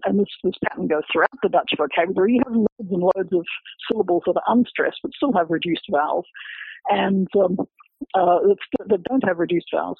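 A high, husky man's voice with a gravelly creak, talking like a lecturer and laying out examples one by one. The audio is tinny and phone-like, with a dry, close sound. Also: dry recording. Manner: lecturing, walks through examples step by step. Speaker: researcher and author discussing his book. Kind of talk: explanatory academic interview talk.

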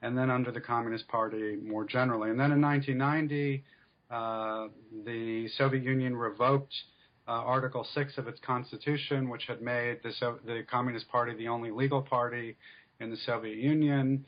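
A male author answering interview questions in a measured, explanatory way with frequent fillers. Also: medium pitch, steady tone, muffled recording. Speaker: author guest.

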